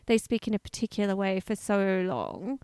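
A woman's voice: mid-range voice, normal speed, clear, resonant tone, no room sound. A woman in her thirties co-hosting a podcast, wondering aloud in casual chat. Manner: animated, laughs often, wonders aloud. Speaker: podcast co-host.

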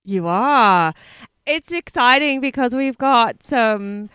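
An Australian woman co-hosting a comedy podcast in casual chat. She is a little congested from a cold, excitable and giggly, and swears freely. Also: a little high, takes it slowly, clear, resonant tone, no room sound, studio quality. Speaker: podcast co-host.

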